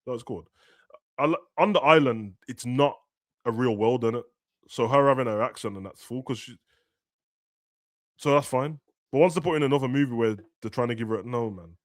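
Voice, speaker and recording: A young man, ranting and joking as a streamer during a football watch-along, now and then shouting. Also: medium pitch, brisk, pauses often, no echo, clean studio sound. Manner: ranting, slangy, bursts of shouting. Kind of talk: casual chat over a live match.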